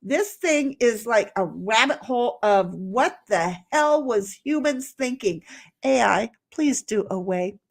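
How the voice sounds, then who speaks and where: A woman's voice: on the high side, expressive, slow pace, vocal fry. A woman hosting a livestream, reading chat aloud in a rambling, chatty way with many fillers.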